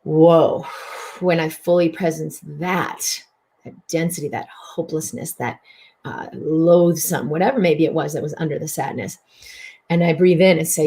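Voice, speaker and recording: A woman with a slightly low voice leads a mind-body self-help broadcast as host. She speaks expressively and swings her pitch widely as she voices inner thoughts. At times she drops to a soft, hushed tone. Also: normal speed. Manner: repeats words for emphasis. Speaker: host and physician.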